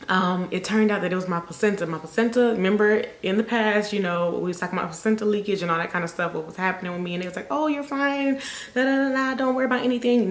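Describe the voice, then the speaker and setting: Casting note: young woman, storytime vlogger, fairly low voice, echoey room. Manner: animated storyteller, acts out quotes. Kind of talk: casual storytime. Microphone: camera mic.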